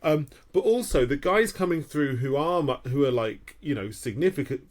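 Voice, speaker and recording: A man's voice: a little high, expressive, moderate pace. A man on a podcast panel arguing a point, restarting his sentences often. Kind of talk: casual panel chat.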